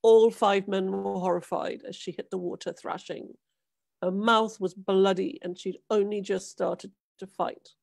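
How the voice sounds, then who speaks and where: Woman author, literary reading, mid pitch, dry sound. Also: steady tone, vocal fry, a little mellow, no echo. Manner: measured, dramatic storytelling. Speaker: author reading her novel.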